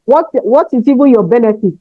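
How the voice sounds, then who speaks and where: High-voiced woman giving an emphatic teachers' talk. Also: expressive, fairly quick, no echo. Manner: emphatic, often checks in with "okay?". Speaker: conference speaker for teachers. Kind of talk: motivational talk. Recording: dull, dry, lo-fi sound.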